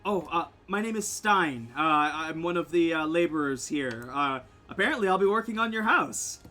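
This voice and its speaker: A man's voice: on the high side, lively intonation, moderate pace, bright, forceful tone, faint music behind. A man playing a stammering, shaken dwarf laborer. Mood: eager. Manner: stammering, nervous. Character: shaken young male dwarf laborer, grateful.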